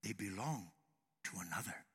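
A man voicing a calm, wise older man who speaks slowly and softly in a solemn tone. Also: lowish voice, husky, pitched below the performer's own voice, exaggerated voice. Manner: slow, hushed, solemn. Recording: long hall reverb.

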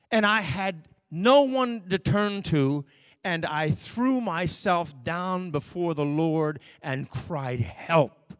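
A man preaching through a personal story at an unhurried, drawn-out pace. His voice is fairly high for a man and has a tight, close, dry sound. He is folksy, with little slips and fillers, and moves between quiet asides and loud bursts. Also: no room sound. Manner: slow, drawn-out storytelling that swings from hushed to loud; folksy, with fillers and self-corrections. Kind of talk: storytelling sermon testimony.

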